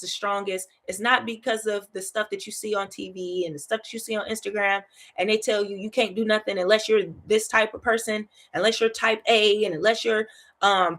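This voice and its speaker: A woman hosting a Bible study in a casual, chatty teaching style. She is animated, laughs often, keeps asking "right?" and repeats phrases for emphasis. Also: mid-range voice.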